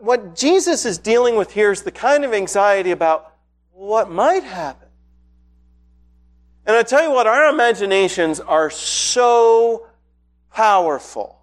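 High-voiced man preaching conversationally. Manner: conversational, storytelling with rising excitement. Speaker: pastor. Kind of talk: sermon. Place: church hall with congregation.

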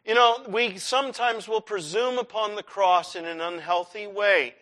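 A man preaching a sermon, telling a personal story with lively swings from hushed to shouted. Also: high-pitched, normal speed.

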